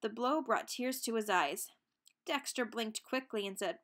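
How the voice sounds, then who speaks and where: Expressive woman reading a children's book. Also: a little high, a little slow. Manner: expressive, playful sound words. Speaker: read-aloud narrator. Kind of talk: children's book read-aloud.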